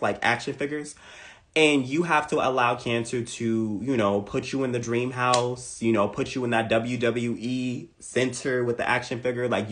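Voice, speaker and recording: Comedic male astrology creator, casual monologue, repeats punchlines for effect. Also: mid-range voice. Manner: animated, playful, repeats lines for emphasis.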